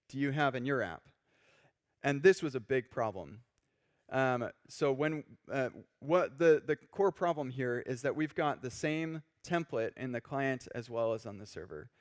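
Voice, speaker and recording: A man giving a casual live-coding talk on a conference stage, animated and chatty, acting out quoted reactions. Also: medium pitch. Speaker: conference speaker.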